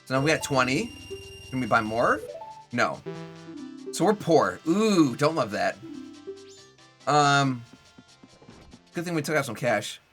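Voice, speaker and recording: Young male streamer, bright and forward tone, loose rambling commentary over quiet game music. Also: medium pitch, big pitch swings, slow pace, pauses often. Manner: rambling, chatty, heavy on "like" fillers. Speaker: Twitch streamer playing a video game. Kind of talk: casual live gameplay commentary.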